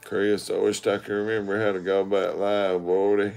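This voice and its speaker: A man's voice: on the low side, flat delivery, moderate pace, creaky, a little mellow, faint music behind. A man hosting a casual walking livestream on his phone, rambling crudely at viewers and begging for likes. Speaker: livestream host.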